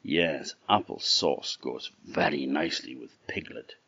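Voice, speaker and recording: A sly big bad wolf with an Orkney Scottish accent, as a man voices him in a storybook tale, sweet-talking in a low, unhurried, coaxing voice. The sound is dull and dry. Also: pushed and bright, breathy edge, no room sound, heavily acted.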